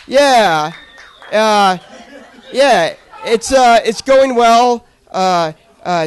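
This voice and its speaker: Young man, stand-up comedian, high-pitched voice, awkward self-deprecating delivery, crude jokes, comedy club stage. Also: expressive, very slow, clean tone.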